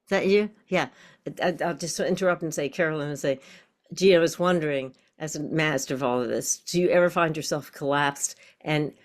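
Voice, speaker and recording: A woman's voice: low voice, a little fast. A woman teaching an online group class over a video call, reflective and putting questions to the group.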